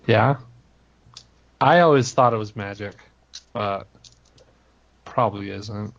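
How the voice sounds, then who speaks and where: A man's voice: lowish voice, takes it slowly, pauses often, muffled recording. A man playing his character in a tabletop game, asking eager, curious questions. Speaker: player.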